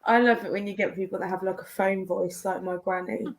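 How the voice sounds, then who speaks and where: A woman chatting casually over a video call, relaxed and playing along with jokes. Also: mid-range voice, fairly quick. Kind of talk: casual chat.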